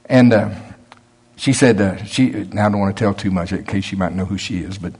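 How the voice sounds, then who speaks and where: A man's voice: lowish voice, fairly quick, a little mellow, slightly rough. A middle-aged man preaching a storytelling sermon in a folksy way, acting out both sides of a conversation and chuckling often.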